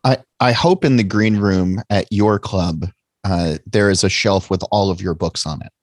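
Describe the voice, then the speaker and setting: A man's voice: deep voice, moderate pace, dry recording. Joking male host, dry room. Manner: light, joking, lots of short agreements. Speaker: interview host. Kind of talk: casual interview chat.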